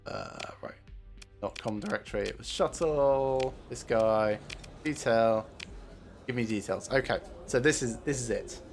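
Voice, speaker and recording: Man, streamer, casual gameplay commentary, thinking aloud, frequent filler pauses, mid-pitched voice. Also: vocal fry, faint music behind.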